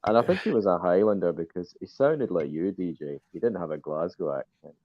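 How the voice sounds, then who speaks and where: Really deep voice guy on a call, muffled dry audio. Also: brisk, no echo. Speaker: stream guest. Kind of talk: casual call chat.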